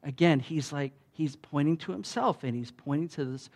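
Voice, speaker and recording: A man preaching a sermon in a conversational way, with restarts, often rising loud when he quotes. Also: on the high side, moderate pace. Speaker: pastor.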